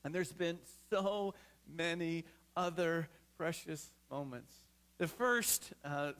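A man preaching a conversational sermon as pastor, often checking in with the congregation before building to earnest exhortation. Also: a little high.

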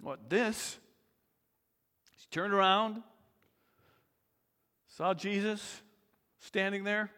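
A man preaching a sermon, slow and deliberate, sometimes dropping to near-whispers for emphasis. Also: high-pitched, pushed and bright, smooth, big-room sound. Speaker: pastor.

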